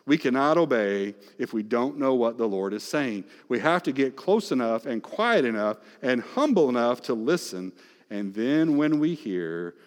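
A man preaching a sermon as pastor, moving between loud, emphatic passages and hushed, near-whispered ones. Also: on the low side. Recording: long reverb of a large hall.

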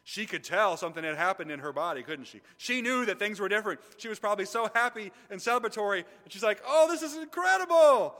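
A male pastor preaching a sermon in an animated, conversational way, swinging between loud emphasis and quiet intensity. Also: sits high, fast talker, few pauses, long reverb tail. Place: church sanctuary.

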